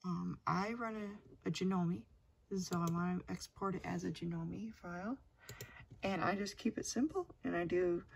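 A woman in her thirties casually walking through embroidery software at her home computer, hesitant and self-deprecating, with lots of ums. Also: mid-range voice, creaky, slight background noise. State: has the hiccups. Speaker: crafter demonstrating software. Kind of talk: casual screen-recorded tutorial.

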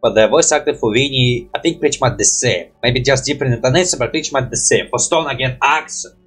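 Casual male reactor, breathy and mid-pitched, loose and meandering, slightly congested. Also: quick pace, fairly bright tone, faint music behind. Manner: rambling, thinking aloud, swears casually. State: slightly stuffy nose. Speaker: reaction video creator.

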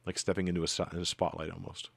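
A man with a very low voice narrates a tabletop game as its game master, easy-going and full of ums and uhs. The sound is dry and close. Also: very fast, gravelly, breathy edge, no echo. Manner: relaxed, many fillers.

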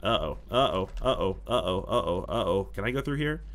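An excitable young man narrates his own gameplay in a bright, lively voice that leaps between muttering and shouting. He swears freely and talks to himself as he plays. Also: sits low, fairly quick. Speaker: gaming YouTuber. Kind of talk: live gameplay commentary.

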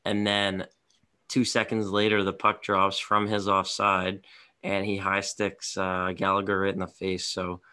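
A man with a very low, flat voice gives blunt opinions in a rambling podcast chat. His tone is bright despite the depth. He sounds tired. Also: unhurried, clear, resonant tone. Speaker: podcast co-host. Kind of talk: casual hockey podcast chat.

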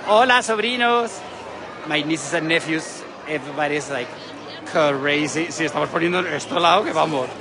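A man with a fairly high pitch and moderate pace narrates a live travel vlog from a city balcony outdoors above a parade street, sounding excitable, gushing and chatty. Loud crowd and street noise fills the recording, including cheering and church bells.

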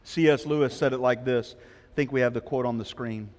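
Brisk and a little mellow, this man's mid-range voice keeps fairly even intonation as he preaches in a church sanctuary with long hall reverb. As pastor, he voices characters in a story, then turns to an earnest appeal.

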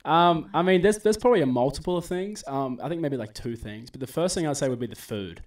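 A young Australian man chatting as a podcast guest, easygoing and quick to laugh. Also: fairly high pitch, lively intonation. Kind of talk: casual podcast chat. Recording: voice a bit far from the mic.

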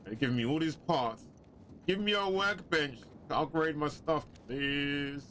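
Chatty, excitable male game commentator, slightly high, bright tone. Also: measured pace, a little hiss or hum. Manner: chatty, excitable, joking asides. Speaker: gaming commentator. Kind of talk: casual let's-play commentary.

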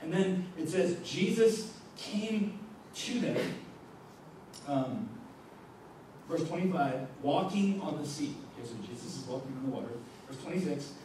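A man's voice: a little high, warm tone, slight background noise. Echoey, distant young male youth pastor. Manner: conversational, checks in with "okay?" and "right?". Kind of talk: youth sermon reading and explaining scripture. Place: youth ministry meeting room. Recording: echoey room from far off.

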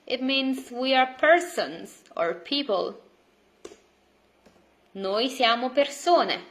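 A woman teaching a beginner language lesson, repeating words patiently and stressing each one. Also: a little high. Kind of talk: slow, clear online language lesson.

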